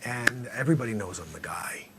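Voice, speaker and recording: A man's voice: medium pitch, expressive, a little fast, background noise, voice pushed down, natural voice. A man voicing a tough, middle-aged male drug dealer in an improvised comedy sketch, cocky and muttering threats. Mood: menacing. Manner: cocky, menacing, drops to mutters.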